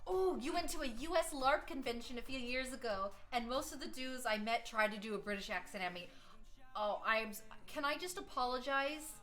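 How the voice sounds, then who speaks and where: An American woman chatting casually on a live stream, telling rambling, animated stories. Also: a little high, moderate pace, soft background music. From United States. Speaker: streaming artist.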